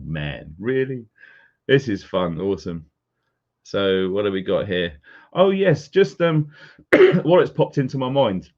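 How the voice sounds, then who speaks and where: A man's voice: lowish voice, a little mellow. Chatty man, lo-fi sound. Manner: chatty, greeting viewers by name. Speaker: live stream host. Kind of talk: casual live-stream chat. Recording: dull lo-fi sound.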